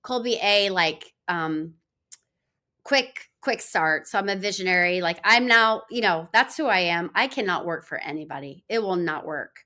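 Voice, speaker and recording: A middle-aged woman, a law firm founder, talking in an energetic, rambling way full of fillers as a podcast guest. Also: lowish voice, normal speed. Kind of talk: conversational interview.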